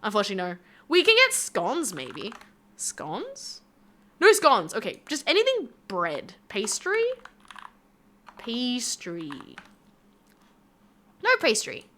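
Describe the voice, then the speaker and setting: A woman's voice: on the high side, wildly swooping pitch, slow pace, pauses often, bright, forceful tone, a little hiss or hum. A young woman VTuber chatting playfully with her stream chat while she draws. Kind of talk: casual live-stream chat.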